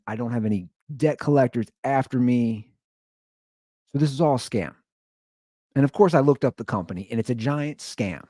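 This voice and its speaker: A male podcast host talking casually and rambling through a story. His voice swings widely in pitch as he tells it, and the sound is close and dry with no room echo. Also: darkish tone. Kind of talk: casual monologue.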